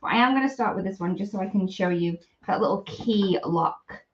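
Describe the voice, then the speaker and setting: A woman's voice: medium pitch, fairly quick, muffled recording, slight background noise. A woman demonstrating craft products on a live stream, chatty and apologetic as she works. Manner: chatty, apologetic, talks while working.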